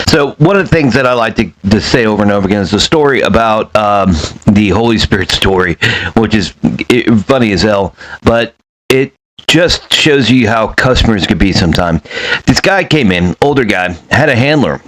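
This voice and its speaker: A man's voice: lowish voice, a bit bright, rough recording. A man telling stories in a casual, rambling monologue, blunt and profane, with many fillers. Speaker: former self-storage manager.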